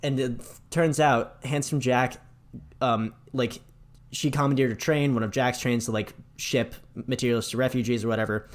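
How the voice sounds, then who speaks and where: A man's voice: mid-range voice, fairly even intonation, moderate pace. A man co-hosting a casual podcast, animatedly retelling game scenes and mimicking a villain in a mocking voice. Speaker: podcast co-host. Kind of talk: casual chat about video games.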